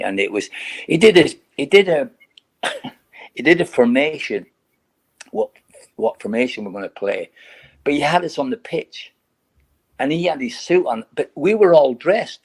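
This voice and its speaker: A man's voice: a little high, expressive, moderate pace, pauses often, breathy edge. An older man, a retired footballer, chatting as a podcast guest and telling rambling, laughing anecdotes with many restarts. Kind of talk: casual podcast chat.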